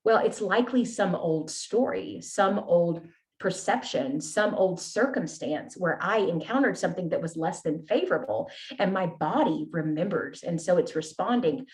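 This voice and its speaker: A woman's voice: fairly low pitch, expressive, moderate pace, hardly any pauses, a little mellow. A woman guest telling her personal story in an earnest, candid way, often checking in with "right?" and "you know?". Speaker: podcast guest.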